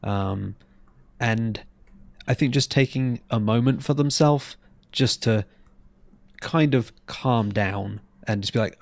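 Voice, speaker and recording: A man's voice: mid-range voice, slow, vocal fry, a little mellow, dry recording. A man playing in a tabletop game, talking hesitantly and repeating words as he describes his character. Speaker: player.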